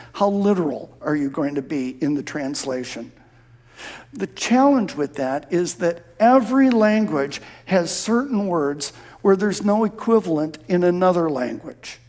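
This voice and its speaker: A male pastor preaching a sermon, dropping to a soft hush for prayers and rising to emphatic shouts on key phrases. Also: sits high. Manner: drops to a soft hush when quoting prayer.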